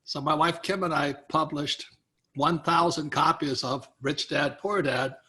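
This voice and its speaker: An older man with a bright, forceful voice sitting higher than most men's, spinning an anecdote for an interviewer. He slips into other people's voices as he quotes them and chuckles along the way. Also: a little slow. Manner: animated storyteller, acts out quoted people, chuckles often. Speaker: interview guest, author. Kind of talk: storytelling in a conversational interview.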